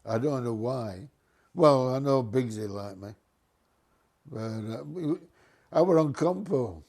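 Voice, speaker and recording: A man's voice: mid-range voice, animated, unhurried, a little mellow. Older man telling stories. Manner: chuckling, jumps into voices for quoted people. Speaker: retired bus driver. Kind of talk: reminiscing anecdote.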